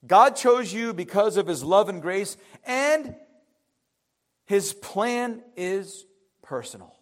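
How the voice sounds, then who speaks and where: High-voiced male pastor preaching. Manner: conversational preaching with dramatic pauses and acted quotes. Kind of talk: sermon.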